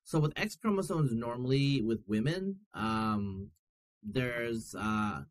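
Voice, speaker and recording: A man chatting as a podcast guest, telling stories in an animated, rambling way. He fills gaps with "um" and "like" and restarts sentences often. His voice sits at an ordinary middle pitch. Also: slow pace, rough recording. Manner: rambling, lots of fillers and restarts; animated storyteller. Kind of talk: casual chat.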